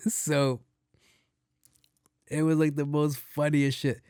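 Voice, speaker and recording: A man hosting a podcast, telling a story in a casual monologue, animated, slangy and profane. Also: fairly high pitch, slow, pauses often, clear, resonant tone, no echo, clean studio sound. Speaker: podcast host.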